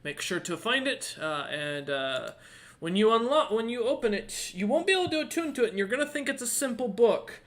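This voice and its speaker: Mystic seer woman, bright, measured and mysterious, as a game master puts her on. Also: very high-pitched, sing-song, voice pushed up, heavily acted. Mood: cryptic.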